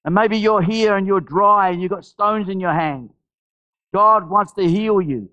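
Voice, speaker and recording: A man's voice: unhurried, lo-fi sound. A male pastor from Australia delivering an impassioned sermon and altar call, repeating phrases and restarting sentences as he presses the point. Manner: impassioned, repetitive preaching with many restarts; drops to soft, low storytelling voice for anecdotes.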